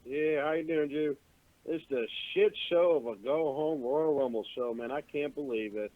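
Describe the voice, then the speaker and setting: A man calling in to a live show to complain at length, talking quickly and swearing freely. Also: fairly high pitch, no echo. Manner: fast animated complaining, turns abusive. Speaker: caller. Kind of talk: call-in rant. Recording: tinny phone line.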